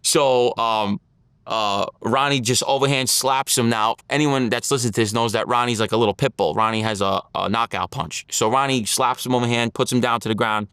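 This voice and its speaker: A man tells his story in blunt street talk, slipping into the voices of the people he quotes. His voice is smooth and resonant, and the sound is close and dry. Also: medium pitch, a bit bright, no echo. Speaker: interview guest, former mob associate. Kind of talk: casual storytelling interview.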